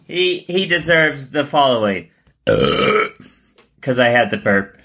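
A man co-hosting a podcast in casual comedic chat, joking and laughing, often jumping into a high exaggerated pitch. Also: expressive, takes it slowly, pushed and bright. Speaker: podcast co-host.

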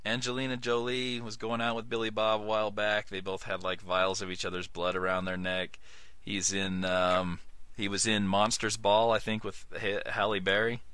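A man co-hosting a podcast, talking fast and laughing often in casual comedic chat. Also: lowish voice, little pitch movement, sharp tone, clean tone, no room sound. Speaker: podcast co-host.

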